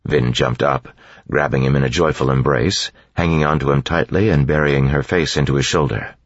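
A man narrating an audiobook in a steady, measured storytelling voice, in a dull lo-fi recording. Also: very deep voice, no echo. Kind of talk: scripted narration.

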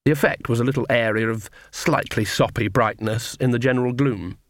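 Male audiobook narrator, middle pitch, measured and wry, dry close recording. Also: fairly even intonation, dry recording.

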